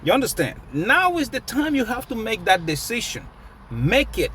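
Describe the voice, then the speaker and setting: A man's voice: very high-pitched, moderate pace, a little hiss or hum. A man giving casual, emphatic market commentary as a crypto vlogger. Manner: animated, emphatic, preachy.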